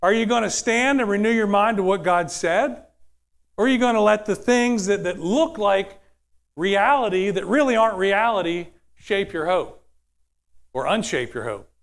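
A man's voice: high-pitched, lively intonation, normal speed, gravelly. A man preaching a sermon in a conversational way, often asking the audience questions.

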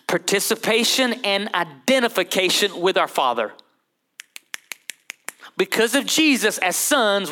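A male pastor preaching a sermon in an animated, conversational way, calling out to the congregation. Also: sits high, a little slow. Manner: animated, conversational, calls to the crowd.

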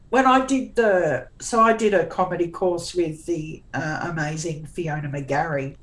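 A woman's voice: deep voice, unhurried, few pauses, low-quality recording. A woman in her forties, a guest author, chatting candidly in an interview in a forthright, sarcastic way, often restarting her sentences.

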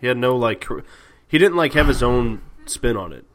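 A man's voice: mid-range voice, animated, moderate pace, a bit bright. A man co-hosting a casual podcast, hedging with lots of fillers. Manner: hesitant, filler-heavy. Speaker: podcast co-host. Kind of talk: casual wrestling podcast chat.

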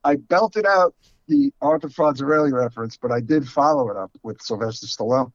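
Chatty New Yorker with a dry, dull sound. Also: male voice, medium pitch, brisk, no echo. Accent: New York. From New York. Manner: chatty, frank, with many fillers. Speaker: podcast co-host. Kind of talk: casual chat.

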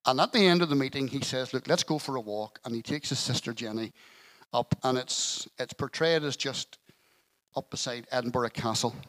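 A man's voice: medium pitch, moderate pace, fairly bright tone, poor audio. A male pastor giving an earnest sermon in church, telling a story with a touch of light humour.

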